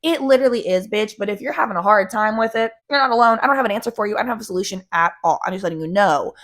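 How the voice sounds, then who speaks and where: A woman in her twenties ranting in a casual vlog, profane, blunt and animated. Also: medium pitch, very fast. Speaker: vlogger.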